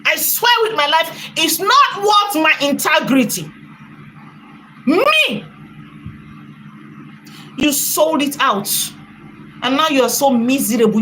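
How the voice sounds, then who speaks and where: A woman's voice: sits high, sharp tone, a little hiss or hum, low-quality recording. A woman hosting a reaction commentary, mocking and heated as she answers a critic. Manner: mocking, heated, switches to sarcastic mock crying. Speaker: channel host.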